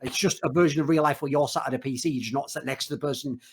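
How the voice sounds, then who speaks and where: A man's voice: medium pitch, fairly even intonation, rapid-fire, slight background noise. A man in casual chat, opinionated and sweary, laying out his theories.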